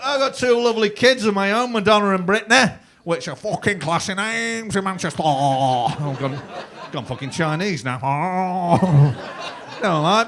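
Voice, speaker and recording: A middle-aged man performing a crude, swearing stand-up comedy set in a comedy club. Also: high voice.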